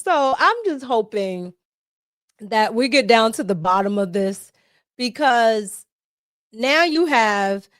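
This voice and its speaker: A woman hosting a casual political commentary vlog, talking in an animated way with frequent laughter and emphatic tag questions. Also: mid-range voice, no echo, clean studio sound. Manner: animated, laughing often, emphatic "okay?" tags.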